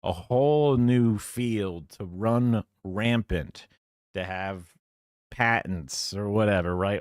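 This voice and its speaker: A man's voice: lowish voice, a little mellow, dry recording, clean studio sound. A man streaming live, reacting to a video in casual commentary and chuckling at it. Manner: rambling, chuckles at what he watches.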